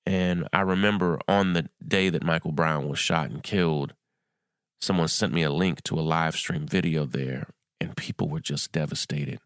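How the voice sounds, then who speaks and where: Deep gravelly man, earnest podcast host. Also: a bit bright, no room sound, clean studio sound. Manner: earnest, urgent, pauses and restarts. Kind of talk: solo news commentary podcast.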